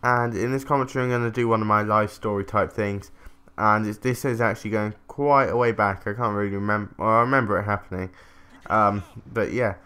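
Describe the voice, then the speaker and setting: A man's voice: lowish voice, fairly even intonation, a little fast, hardly any pauses, pushed and bright, clear, resonant tone. A man, telling a rambling story during casual gameplay commentary, swearing casually. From England. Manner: rambling, chatty, self-interrupting, swears casually. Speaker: gaming commentator.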